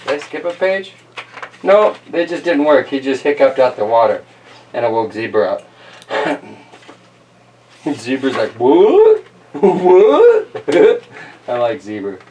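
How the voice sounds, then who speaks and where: A man's voice: medium pitch, unhurried, long pauses, a little mellow, far from the mic, slight background noise. A man hosting a casual picture-book read-aloud, chatty and laughing often, with jokey asides to the audience. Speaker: storyteller host.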